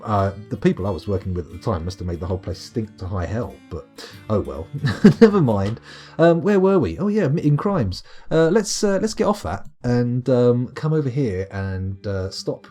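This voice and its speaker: A man's voice: mid-range voice, very animated, moderate pace, mellow, faint music behind. A young man chatting casually while streaming a game, rambling, swearing and reading chat aloud.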